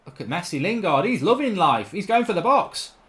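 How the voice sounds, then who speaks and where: A man commentating on his own football video game in a chatty, rambling way, erupting into loud shouts when a goal goes in. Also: sits high, a little fast. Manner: excitable, bursts into loud shouting over goals. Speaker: gaming commentator.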